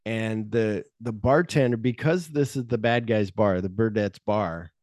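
A man's voice: lowish voice, unhurried, a little mellow, no echo, studio quality. A man co-hosting a podcast, retelling film scenes in a loose, rambling way with plenty of swearing. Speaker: podcast co-host. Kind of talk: casual movie-discussion chat.

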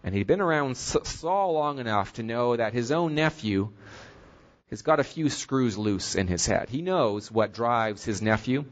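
An earnest male preacher with a mid-range voice delivers a sermon. He retells a scripture story and draws a steady lesson from it. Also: mid-range voice, unhurried.

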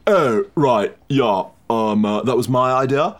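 Smug aristocratic lord, played by a man, lower voice than usual, rambling and hesitant, audio story. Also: expressive, a little slow, lightly acted. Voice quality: hesitant, rambling, many fillers. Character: posh drawling young English lord, smug.

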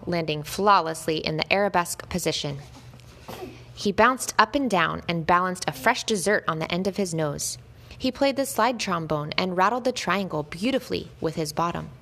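A woman reading a children's story aloud, gentle and expressive, lifting her voice at the lively moments. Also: on the low side, gravelly.

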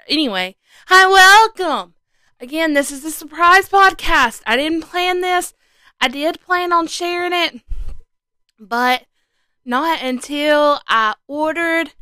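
Woman, podcast host, bubbly and self-joking, slow and unhurried, crisp bright voice. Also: on the high side, no echo. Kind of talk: casual faith talk to single listeners. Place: indoors at home, standing.

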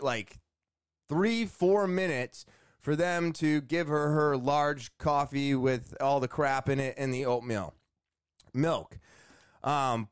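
A man hosts his podcast with a rambling, self-deprecating story, acting out other people's lines as he goes. His voice sits a little high and comes through smooth. The sound is dry and close. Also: no echo. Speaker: podcast host. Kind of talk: casual storytelling monologue.

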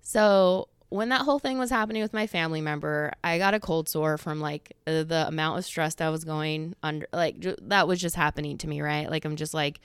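A woman in her 30s hosts a podcast in a smooth, low-pitched voice at a moderate pace with no echo. Slightly out of breath, she chats casually and meanders, dropping in fillers and quoted asides.

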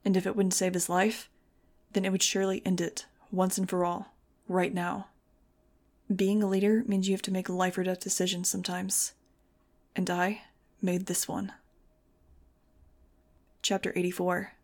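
A woman reading a first-person audiobook in an even, measured way. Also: lowish voice. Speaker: audiobook narrator.

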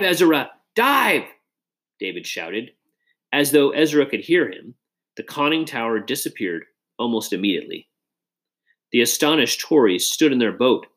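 A man reading a children's adventure story aloud in an expressive, dramatic way. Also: lowish voice. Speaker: audiobook reader. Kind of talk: storybook narration.

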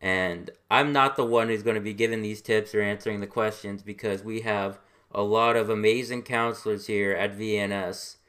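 Young man, podcast moderator, loose unscripted intro, somewhat low voice. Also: fairly even intonation, moderate pace, few pauses, a bit bright. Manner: loose and unscripted, restarts sentences. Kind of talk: casual podcast hosting.

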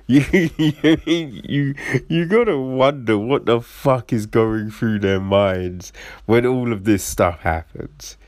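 A young man rants casually about films at an unhurried, drawn-out pace, his voice sitting at a middle pitch. He curses freely, stumbles over restarts and keeps firing off baffled rhetorical questions. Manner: profane, rambling, frequent restarts.

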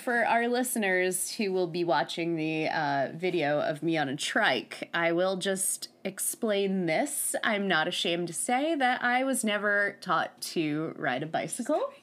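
Giggly podcast hostess with a stuffy nose. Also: female voice, lowish voice, expressive, a little slow, hardly any pauses, fairly bright tone. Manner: friendly, giggly. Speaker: podcast host. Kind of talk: casual podcast interview.

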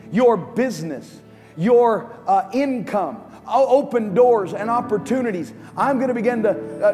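A man preaching a sermon as pastor, swinging between impassioned, near-shouted lines and low, quiet ones. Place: large church auditorium. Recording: live church sound with long hall reverb. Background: music under the preaching.

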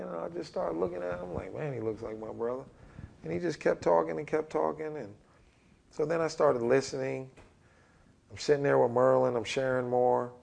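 Gravelly middle-aged man telling stories. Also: medium pitch. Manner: animated storyteller acting out other people's lines. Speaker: head basketball coach, podcast guest. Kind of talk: candid storytelling in a podcast interview.

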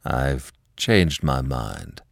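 A man's voice: big pitch swings, dry recording, studio quality, exaggerated voice. Man voicing a grave, secretive husband. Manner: grave, low, deliberate. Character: husband, smooth-talking, secretive, quick to anger. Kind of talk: audiobook character reading.

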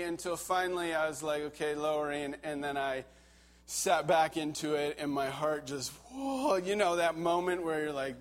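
A middle-aged pastor with a voice pitched a little high for a man. He preaches by telling a story in a relaxed, conversational way, full of fillers and asides, and grows animated as the tension builds. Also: normal speed. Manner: conversational storytelling, animated when reliving panic. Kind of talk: sermon with personal story.

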